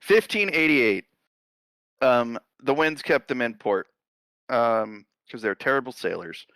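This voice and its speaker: A man's voice: medium pitch, a little slow, smooth, dry recording. A man co-hosting a comedy history podcast, reading the story and riffing on it with swearing and frequent laughter. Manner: animated, swearing, laughing often. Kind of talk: casual comedic history chat.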